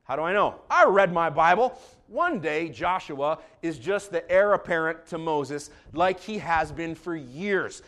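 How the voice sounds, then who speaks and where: A man preaching a sermon as pastor, joking and animated, moving between calm asides and loud bursts. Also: fairly high pitch, unhurried.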